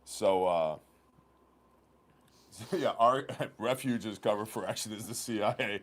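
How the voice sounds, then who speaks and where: A man hosting a casual company livestream, chatting and telling stories with animated laughter. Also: fairly low pitch, unhurried. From Oklahoma. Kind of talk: casual chat and storytelling.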